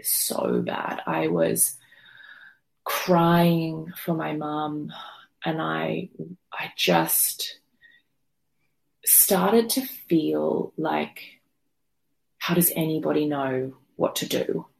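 A woman with a deep, creaky voice tells her own story to an interviewer. She is candid and emotional and swears freely. She rambles through fillers and restarts as she goes. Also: very animated, extremely slow, long pauses. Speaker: podcast guest telling her birth story.

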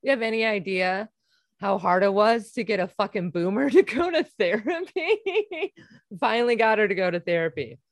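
A woman hosting a casual chat, blunt and quick to laugh, swearing freely. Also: medium pitch, animated, no room sound, studio quality.

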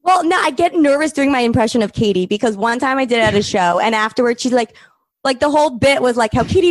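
Female co-host, rapid animated talker, high bright voice. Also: no echo. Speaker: podcast co-host, comedian. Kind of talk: casual chat.

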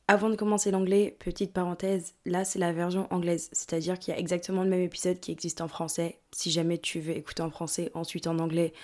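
A young woman from England hosts her own podcast, talking casually to listeners in a chatty, excitable way. Her voice sits a little low, and she drifts into rambling asides. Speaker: podcast host. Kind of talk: casual solo podcast chat.

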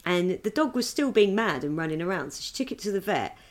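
A woman co-hosting a podcast, telling stories casually and acting out quick quotes. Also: lowish voice, lively intonation. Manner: storytelling with quick acted-out quotes. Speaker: podcast co-host. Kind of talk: casual chat.

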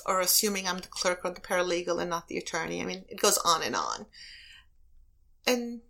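A woman's voice: on the low side, brisk, vocal fry, fairly bright tone. A woman who is a prosecutor and elected official, answering interview questions with earnest, emphatic personal stories.

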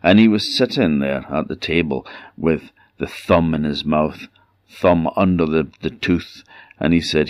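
Man, Orkney Scottish accent, storyteller, very deep voice, dry close sound. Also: unhurried, no echo. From Orkney Islands, Scotland. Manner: lively, shifts volume for drama. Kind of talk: folk tale storytelling.

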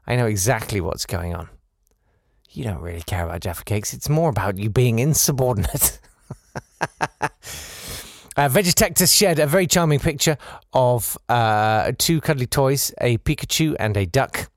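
A man's voice: medium pitch, expressive, normal speed, no room sound, studio quality. A man hosting a podcast, reading out listener messages with wry, sarcastic asides and mock exasperation. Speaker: podcast host.

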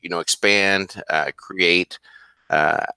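Very deep voiced guy co-hosting, crisp bright tone, lots of uh and you know. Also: fairly even intonation, takes it slowly, dry recording. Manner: hesitant, lots of fillers and restarts. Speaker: co-host. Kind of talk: casual talk show chat.

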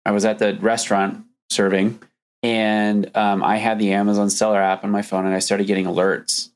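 A man, a business co-founder, telling stories in a relaxed way on a podcast. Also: on the low side, normal speed. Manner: storytelling, relaxed, fond of "like". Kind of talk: casual podcast chat.

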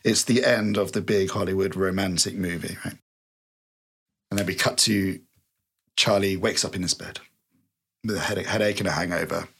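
A man pitching a film story on a casual podcast, retelling scenes and acting out lines in quick bits. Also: steady tone, vocal fry, fairly bright tone, slightly rough.

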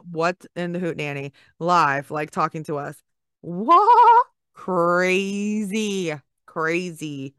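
A woman hosts her podcast in a chatty, gushing monologue, full of fillers and pep talk. Her voice is bright and smooth. The sound is dry and close. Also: fairly low pitch, dry recording. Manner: gushing, upbeat, encouraging, chatty with many fillers. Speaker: podcast host.

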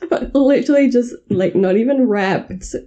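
A woman's voice: fairly high pitch, normal speed, mellow, lo-fi sound. A woman co-hosting a podcast, chatting casually about a film, laughing often and acting out quotes. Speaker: podcast co-host. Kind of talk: casual film recap chat.

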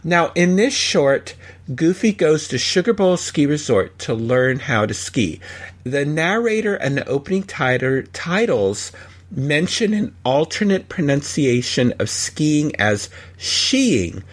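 A man hosting a podcast, chatting casually and reading cartoon credits and history. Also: a little slow. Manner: chatty, reads credits and trivia, lively pitch. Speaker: podcast host.

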